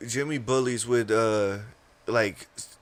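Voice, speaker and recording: A man's voice: mid-range voice, slow, no room sound. A man in a casual podcast chat, laid-back and slangy, often checking that he's understood. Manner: laid-back, slangy, keeps asking "you know what I'm saying". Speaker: podcast co-host.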